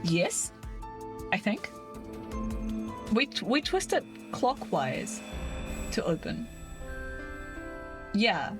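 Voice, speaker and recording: A woman's voice: mid-range voice, wildly swooping pitch, extremely slow, long pauses, over music. A young woman from New Zealand with a New Zealand accent, a giggly streamer chatting casually with her viewers from her desk. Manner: giggly, chatty, laughs constantly. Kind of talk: casual chat with livestream viewers.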